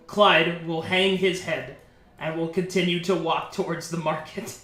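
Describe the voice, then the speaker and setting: Male game master narrating for stream chat; unhurried, fairly high voice in a roomy space. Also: steady tone, a bit bright, soft background music. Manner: unhurried storytelling with fillers. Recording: echoey room.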